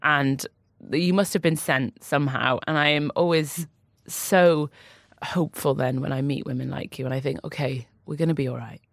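A woman's voice: deep voice, steady tone, moderate pace, vocal fry, no room sound, clean studio sound. A woman, an author guest on a podcast, speaking openly and emotionally, laughing between heavy admissions. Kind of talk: candid podcast conversation.

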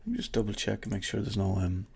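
Gravelly Irish man rambling on his podcast. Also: on the low side, level tone, quick pace, darkish tone. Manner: rambling, swearing, jokey asides to an imagined colleague. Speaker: podcast host. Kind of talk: casual solo podcast outro.

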